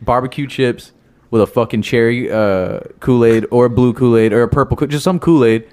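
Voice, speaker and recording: A young man on a podcast telling a childhood story in casual chat, profane and lively, acting out what others said. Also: medium pitch, normal speed. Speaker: podcast co-host. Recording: audio-only podcast.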